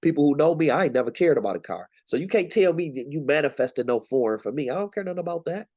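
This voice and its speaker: A man's voice: fairly high pitch, lively intonation, fast, a little mellow. A young man teaching scripture in a casual, slangy, emphatic way, from the United States. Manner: conversational, preachy, slangy and emphatic. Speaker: Bible teacher.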